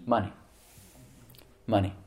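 A man's voice: takes it slowly, darkish tone. A middle-aged man preaching a sermon as pastor, talking conversationally and often asking the congregation questions.

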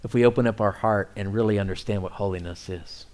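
A middle-aged man preaching a sermon, swinging between loud, excited appeals and quiet, near-whispered asides. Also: lowish voice, quick pace. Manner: animated preaching, rising and dropping to near whispers. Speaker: pastor.

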